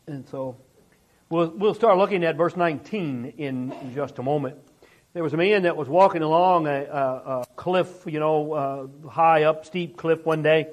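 A male pastor preaching a sermon in a conversational way, often repeating words and restarting phrases, and building emphasis on rhetorical questions. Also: fairly high pitch.

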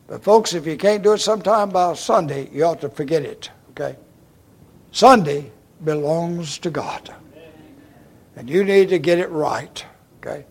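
A man's voice: fairly high pitch, unhurried, breathy edge. An older man pastor delivering an emphatic sermon, addressing the congregation as folks and checking in with okay. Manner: emphatic, repeats "okay?" and "folks", swings from loud to hushed.

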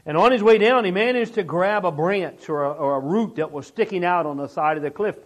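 Pastor guy with a really high voice, preaching, chatty and repetitive, leans hard into questions. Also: brisk. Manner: conversational preaching with frequent repetitions and restarts; rising emphatic delivery on rhetorical questions. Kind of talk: sermon.

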